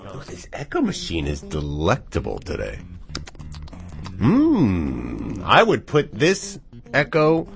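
A man hosting a live radio show in a studio, rambling and thinking out loud into the microphone. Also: fairly low pitch. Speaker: radio DJ and host. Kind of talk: casual live radio chat.

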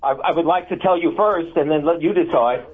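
A man's voice: on the high side, brisk, husky, faint music behind. A man calling a radio show who hesitantly tells a joke about his college days. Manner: hesitant, lots of ums. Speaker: caller. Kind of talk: telling a joke on the phone. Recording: tinny phone line.

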